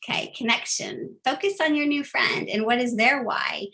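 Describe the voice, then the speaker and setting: A woman's voice: sits high, moderate pace, bright, forceful tone. A woman giving a casual, upbeat phone-skills training talk, chatty and full of fillers.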